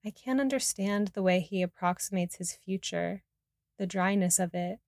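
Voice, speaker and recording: A woman reading her personal memoir aloud in a soft, reflective, intimate way. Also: mid-range voice, normal speed. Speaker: narrator.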